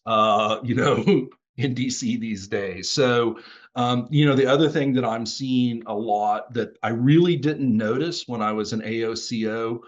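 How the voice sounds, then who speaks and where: A man's voice: mid-range voice, lo-fi sound. A man in a casual podcast discussion, talking in a rambling way with many restarts and fillers over a remote call. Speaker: consultant, former USAID officer.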